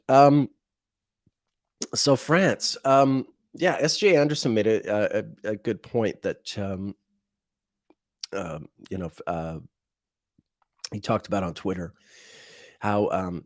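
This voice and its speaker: Lowish-voiced man rambling on a livestream. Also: no echo, studio quality. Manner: rambling, halting, many fillers and restarts; chuckles through wry asides. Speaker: livestream host. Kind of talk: casual unscripted livestream talk.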